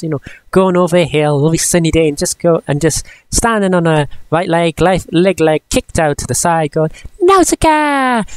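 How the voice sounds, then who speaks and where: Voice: darkish tone, no room sound. A vlogger, telling stories in rambling casual chat that keeps interrupting itself. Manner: rambling, self-interrupting, often drops into high squealing impressions. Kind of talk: casual storytelling vlog chat.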